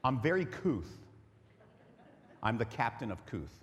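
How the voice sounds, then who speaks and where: A man's voice: mid-range voice, very animated, measured pace, fairly bright tone, long reverb tail. A man preaching a sermon as pastor, joking and conversational with his congregation.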